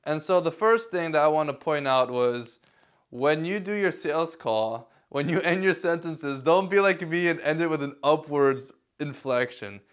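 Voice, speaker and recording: A man's voice: fairly high pitch, lively intonation, normal speed, clean tone. A man vlogging casual advice in a self-deprecating way, chuckling now and then. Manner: self-deprecating, many fillers and restarts, chuckles. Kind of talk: casual talking-head advice.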